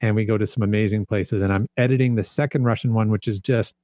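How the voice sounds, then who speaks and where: A man's voice: fairly low pitch, steady tone, fast talker, dark tone, no echo. A man chatting as a podcast guest, upbeat and enthusiastic as he talks about his geocaching videos. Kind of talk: casual podcast chat.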